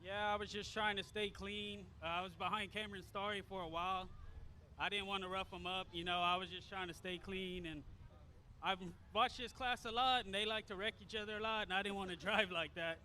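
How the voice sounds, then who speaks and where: High, bright-voiced driver, man. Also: fairly quick, a little hiss or hum. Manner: calm, listing thanks. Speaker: second-place driver. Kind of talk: post-race interview. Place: outdoors at a racetrack.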